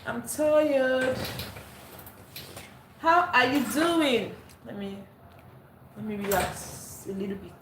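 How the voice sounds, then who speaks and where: A woman's voice: medium pitch, animated, unhurried, noisy background. A tired woman from Nigeria hosting a casual live stream, greeting viewers by name and repeating herself as she talks. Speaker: livestream host. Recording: echoey room, faint ambience.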